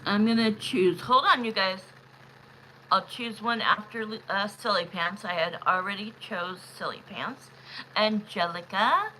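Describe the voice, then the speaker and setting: A woman hosting a live tarot stream, chatting in an excitable way and speaking straight to her viewers. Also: mid-range voice, a little slow, slight background noise, rough recording. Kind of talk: casual live-stream chat.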